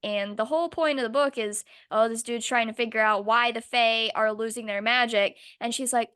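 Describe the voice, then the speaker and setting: A young woman co-hosting a podcast, ranting sarcastically in a casual, animated chat with some swearing. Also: fairly high pitch, moderate pace, few pauses, clean tone. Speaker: podcast co-host.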